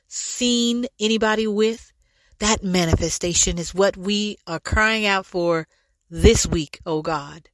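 A woman leading a fervent spoken prayer, pleading and repeating lines, at times rising to shouts and speaking in tongues. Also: mid-range voice, no room sound. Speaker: prayer leader.

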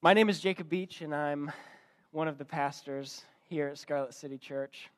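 A man who is a church pastor, preaching a sermon and telling a joke story with big swings between loud and soft. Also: on the high side, normal speed. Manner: storytelling with dynamic swings in loudness.

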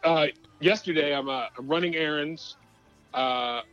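A regular male guest on a sports podcast tells a personal story in an animated, halting way full of uhs and restarts. His voice sits a little high. The line sounds somewhat dull, with faint music underneath. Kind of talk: casual storytelling.

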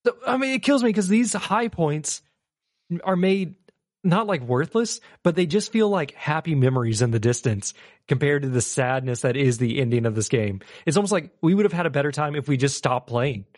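Dude recapping game moments w friend, slightly high voice, laughs a lot. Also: male voice, lively intonation, moderate pace. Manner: storytelling, giggly. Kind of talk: casual gaming chat.

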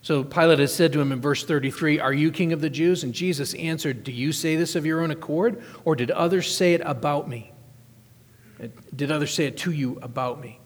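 A male pastor with a slightly higher voice gives a sermon, reading scripture passages before unpacking them. He stresses key words and repeats them for emphasis. The long reverb of a church hall trails behind his voice. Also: brisk. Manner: reads scripture aloud, then explains it with emphatic repetition.

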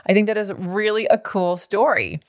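A woman's voice: mid-range voice, lively intonation, normal speed, dry recording, clean studio sound. A woman hosting a casual interview, enthusiastic and reflective, laughing along with her guest. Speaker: host.

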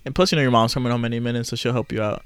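A young man co-hosting a podcast, cracking jokes and quick references while his friend talks. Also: mid-range voice, fairly even intonation, a bit bright, smooth, no room sound. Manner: joking, quick quips and pop-culture references. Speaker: podcast co-host. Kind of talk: casual chat.

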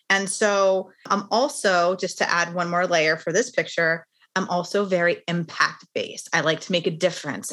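A woman's voice: fairly low pitch, sharp tone. A middle-aged woman, a podcast guest and author, telling a personal story in an earnest, candid way.

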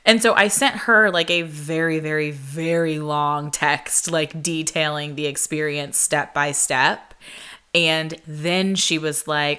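Young woman podcast host, low and bright, casual chatty monologue that acts out quotes. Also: slow pace, clear, resonant tone. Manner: chatty, animated, lots of "like", acts out quoted voices.

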